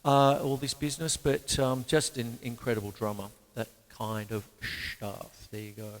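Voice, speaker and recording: A man with an Australian accent hosting a casual drum lesson, chatty and animated, counting beats aloud. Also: medium pitch, normal speed, in a large hall. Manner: animated, chatty, breaks into counting and scat sounds. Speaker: drum teacher and show host. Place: home room with a couch.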